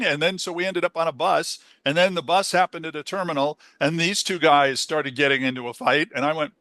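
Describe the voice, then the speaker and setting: A man's voice: a little high, brisk, sharp tone, no room sound, studio quality. A man co-hosting a podcast, chatty and playful, asking questions and plugging the show. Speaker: podcast co-host. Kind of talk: casual podcast chat.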